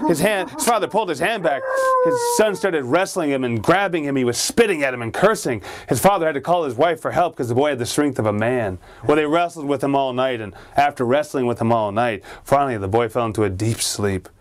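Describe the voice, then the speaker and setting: A man's voice: mid-range voice, lively intonation, fairly quick. A male storyteller spinning a spooky ghost story. He narrates dramatically in a mid-range voice and chuckles now and then.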